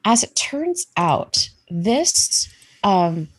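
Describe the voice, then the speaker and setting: A woman's voice: medium pitch, big pitch swings, drawn-out words, husky. A woman running a tabletop game, narrating in a giggly, rambling way. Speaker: game master.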